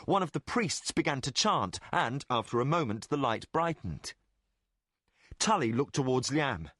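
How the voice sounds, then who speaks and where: A man narrating a fantasy audiobook in deliberate, expressive storytelling. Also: mid-range voice, no room sound, studio quality. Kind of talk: scripted narration.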